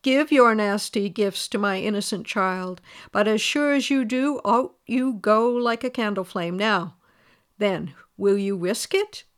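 A woman voicing a storybook king who lectures firmly and reasonably, in a smooth voice. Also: medium pitch, unhurried, close to an everyday voice. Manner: firm, lecturing, then tender.

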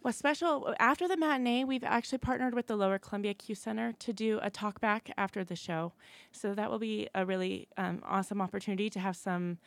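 Woman actor on a radio chat, talks quick, lots of ums, gravelly fry, dry sound. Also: medium pitch, fairly even intonation, dry recording. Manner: talks fast, laughs often, many fillers. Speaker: actor in a stage play. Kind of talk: casual radio interview.

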